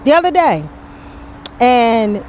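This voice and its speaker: High, animated woman host, grandmother. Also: takes it slowly, a little hiss or hum. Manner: animated storytelling, acts out quotes, many restarts. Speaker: podcast host. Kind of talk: candid podcast conversation.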